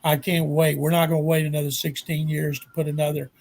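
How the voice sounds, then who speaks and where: A man in his seventies with a Texan accent, a guest sportswriter telling animated anecdotes in an interview. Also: on the high side, quick pace, vocal fry. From Texas. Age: 70s. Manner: animated anecdote-teller, acts out quotes. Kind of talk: storytelling interview.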